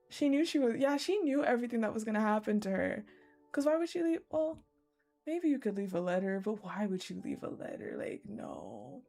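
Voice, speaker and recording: A woman's voice: fairly high pitch, animated, normal speed, warm tone, faint music behind. A woman game streamer reading a story aloud and reacting emotionally, close to tears.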